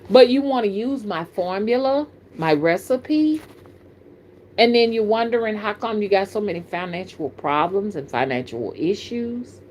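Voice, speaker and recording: Southern woman host, middle-aged, folksy and animated, talks straight to her audience. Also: fairly high pitch. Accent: Southern American. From American South. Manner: folksy, animated, addresses viewers as y'all. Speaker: spiritual reader and channel host. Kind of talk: casual live-stream talk.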